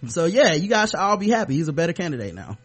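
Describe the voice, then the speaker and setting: A man co-hosting a casual podcast over a video call, talking in an animated, sarcastic way and laughing often. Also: on the high side, quick pace, slightly rough. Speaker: podcast co-host. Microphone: webcam on a video call.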